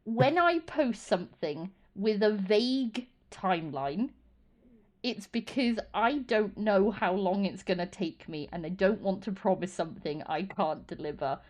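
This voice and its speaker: A woman hosting a casual podcast chat, animated and swearing freely as she acts out exchanges. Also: medium pitch, unhurried. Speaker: podcast host.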